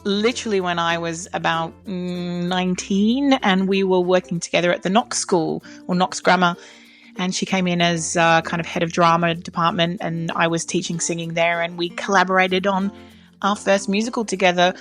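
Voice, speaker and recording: Aussie lady podcast host, cheeky and chatty, bit of a lower voice. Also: level tone, moderate pace, soft background music. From Australia. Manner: playful, mischievous. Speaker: podcast co-host, opera singer. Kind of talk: casual chat.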